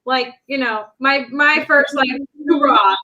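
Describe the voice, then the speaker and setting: A woman in casual chat, excitable and quick to laugh, talking about her first book launch with friends. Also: high-pitched, muffled recording. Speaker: co-host.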